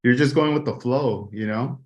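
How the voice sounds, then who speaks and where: A man hosting a casual podcast, relaxed and encouraging, talking with loose fillers like "you know". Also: mid-range voice, normal speed, dull audio. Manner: laid-back and encouraging, many fillers. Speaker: podcast host.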